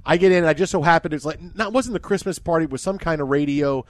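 High-voiced animated male radio host. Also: racing, no echo. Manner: animated storyteller, rises high when excited. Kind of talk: casual sports radio chat.

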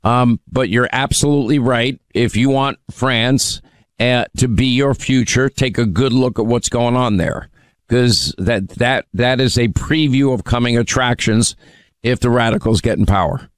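Male talk radio host, smooth resonant voice, dry studio sound, opinionated and forceful. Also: medium pitch, a little slow, no room sound. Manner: forceful, opinionated, many fillers. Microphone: studio microphone.

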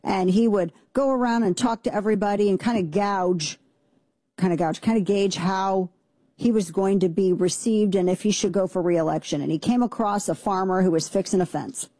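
A woman's voice: medium pitch, moderate pace, warm tone, no echo. A woman casually retelling a historical anecdote in a loose, conversational way, with frequent restarts.

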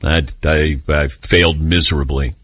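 A middle-aged man hosting a radio talk show, telling stories in a relaxed, self-mocking way. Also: rumbling low, moderate pace, dry recording, studio quality. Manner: animated storyteller, self-mocking. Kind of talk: casual talk radio chat.

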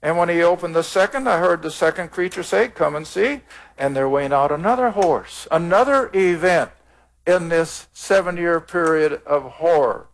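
A man's voice: a little high, moderate pace. A man teaching the Bible on a taped program, reading scripture aloud and explaining it in a plain, earnest way.

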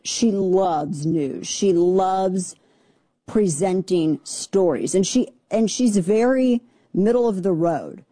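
Sarcastic, husky-voiced woman commentator. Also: on the low side, warm tone, no echo. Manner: opinionated, sarcastic. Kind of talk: casual opinion commentary.

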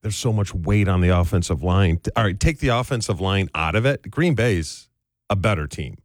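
A man's voice: deep voice, lively intonation, normal speed, no room sound, clean studio sound. A man who played the game co-hosting a sports radio show, giving blunt, easygoing opinions. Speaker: radio co-host, former player.

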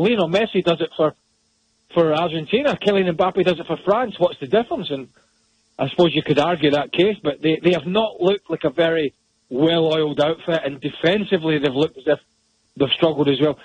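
A man's voice: on the high side, a little fast, breathy edge, no echo, highs cut off. A man giving blunt, opinionated soccer analysis on a radio show, often repeating words as he goes.

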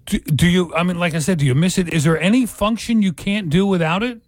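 A man's voice: high-pitched, fast, no room sound. A man hosting a casual comedy chat, teasing and cracking jokes. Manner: wisecracking, teasing. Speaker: host.

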